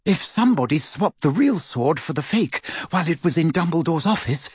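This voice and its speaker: A man's voice: high-pitched, big pitch swings, moderate pace, husky, dry recording, studio quality, pitched above the performer's own voice, full character voice. A man voicing a clever, determined young woman in a storybook reading, polite and urgent.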